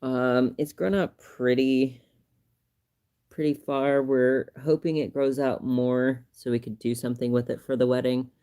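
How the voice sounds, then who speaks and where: A man chatting on his own livestream in a medium-pitched voice, relaxed and rambling. He laughs often and gets lively and animated when he retells a funny moment. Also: measured pace, clear, resonant tone. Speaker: livestream host. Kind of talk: casual livestream chat.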